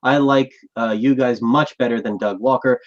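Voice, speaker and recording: Male host, mid-pitch, thoughtful rambling chat, slightly muffled recording. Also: steady tone, moderate pace. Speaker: podcast host. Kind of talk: casual live chat.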